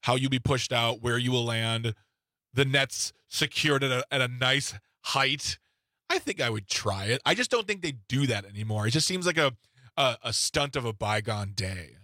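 A man's voice: mid-range voice, animated, moderate pace, pushed and bright, dry recording, studio quality. A man co-hosting a radio talk show, joking and teasing in casual chat. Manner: joking, self-mocking.

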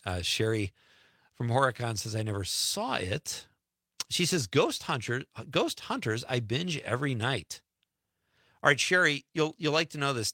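A man's voice: medium pitch, a bit bright, dry recording, studio quality. A man hosting a radio show, chatting casually and reading listener texts aloud with easy laughs. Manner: chatty, laughs easily, drifts between lines. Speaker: radio host.

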